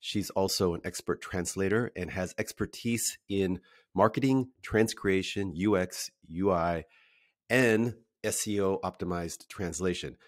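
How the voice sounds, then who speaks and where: Deep-voiced upbeat male host. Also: unhurried. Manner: upbeat and friendly, with easy fillers. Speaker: podcast host. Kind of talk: casual interview hosting.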